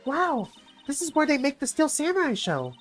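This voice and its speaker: Guy doing a high bubbly sidekick girl, super lively, sore throat in there. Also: moderate pace, faint music behind, exaggerated voice. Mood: excited. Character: excitable young woman sidekick, cheerful.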